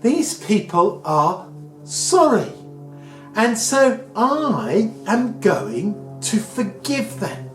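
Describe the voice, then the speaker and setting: A man voicing a gentle, patient God. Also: sits high, big pitch swings, very slow, faint music behind, full character voice. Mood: forgiving. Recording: echoey room.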